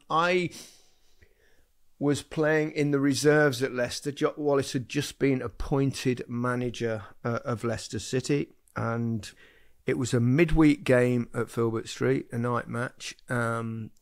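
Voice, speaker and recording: A man hosting a football podcast, telling stories in a casual, animated way and laughing often. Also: medium pitch, measured pace, dry recording, studio quality. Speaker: podcast host. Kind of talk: casual storytelling chat.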